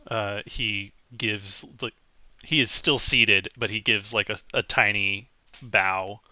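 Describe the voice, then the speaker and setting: A man narrating as game master of a tabletop game, slow and halting with many fillers. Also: lowish voice, fairly even intonation, bright, forceful tone, no echo, dull audio.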